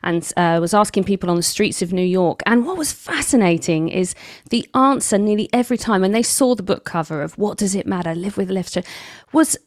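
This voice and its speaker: A middle-aged woman from England, an author telling stories in a conversational interview, lively and quoting others with big pitch jumps. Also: brisk, dry recording, clean studio sound. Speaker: author and guest.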